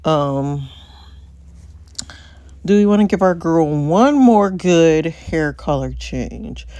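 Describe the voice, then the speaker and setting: A woman's voice: deep voice, expressive, slow pace, dark tone, no echo. A woman hosting a casual let's-play, chatty and thinking aloud with frequent ums and laughs. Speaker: gaming channel host.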